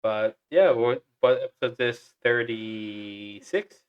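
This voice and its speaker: A man's voice: medium pitch, takes it slowly, smooth, highs cut off. A young man co-hosting a podcast, chatting casually and reading announcements in an upbeat, chatty way with fillers. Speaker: podcast co-host.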